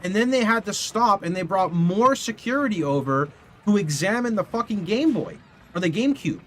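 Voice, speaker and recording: A young man streaming from his home setup, telling a rambling, animated story to his live chat and swearing casually into a studio mic. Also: sits high, moderate pace. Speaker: video game streamer. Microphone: condenser studio mic.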